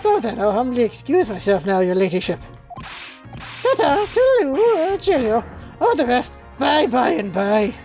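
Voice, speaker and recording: Woman doing a fawning middle-aged English inspector; flustered, over-polite, lively sing-song delivery. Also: fairly high pitch, unhurried, faint music behind.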